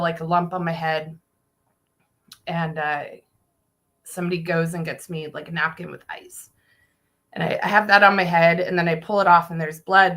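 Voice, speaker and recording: A woman tells a story casually on a podcast, her voice low in pitch but bright. She is animated and laughs and swears freely as she talks. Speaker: guest telling a story.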